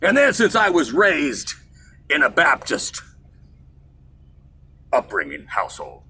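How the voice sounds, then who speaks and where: A man's voice: a little high, huge pitch swings, slow pace, pushed and bright, breathy edge. A middle-aged man from Kansas hosting his own show, rambling through a story in a digressive, self-mocking way. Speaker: show host. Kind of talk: casual rambling monologue.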